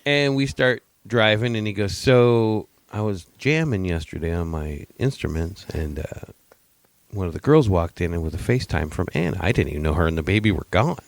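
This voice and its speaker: A man's voice: low-pitched, expressive, normal speed, no room sound. A middle-aged man co-hosting a podcast, telling rambling stories in a teasing, casual way. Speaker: podcast co-host. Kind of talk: casual chat.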